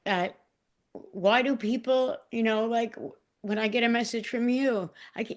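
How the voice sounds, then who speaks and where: A woman's voice: fairly high pitch, fairly even intonation, moderate pace. A woman in a group discussion sharing personally, emotional and self-deprecating, stumbling and restarting often. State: emotional, near tears. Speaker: group participant. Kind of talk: casual heartfelt sharing.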